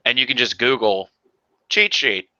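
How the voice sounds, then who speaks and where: A man's voice: medium pitch, measured pace, sharp tone, dry recording, lo-fi sound. A man co-hosting a casual gaming podcast, joking, laughing often and swearing freely. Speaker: podcast co-host. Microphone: desk mic, live stream.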